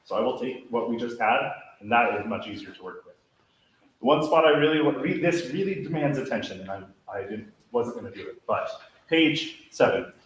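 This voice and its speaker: A man's voice: medium pitch, expressive, fairly quick. A man leading a choir rehearsal, coaching singers with energy and singing example phrases. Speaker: choir director. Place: large echoey rehearsal hall. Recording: very echoey hall, faint music.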